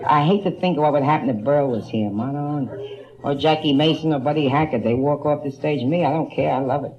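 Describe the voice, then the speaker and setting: A deep-voiced woman talks briskly through bawdy nightclub stand-up from a 1960s live album, calling people honey and swapping jabs with hecklers. Audience laughter and other background noise fill the recording, which has its highs cut off.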